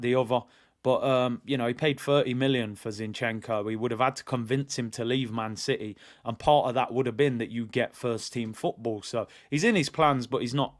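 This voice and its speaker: Guy doing a live footy watch-along, chatty, opinionated, rambles with lots of ums. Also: medium pitch. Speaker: football fan channel host. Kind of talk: live watch-along chat, reading viewer comments.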